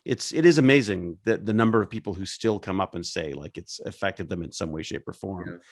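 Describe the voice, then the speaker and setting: A man, an actor guest, musing with lots of restarts and trailing off softly at the ends of his thoughts. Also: low voice, a little fast, no room sound, clean studio sound. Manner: hesitant, restarts often, trails off quietly. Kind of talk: casual reflective chat on a video call.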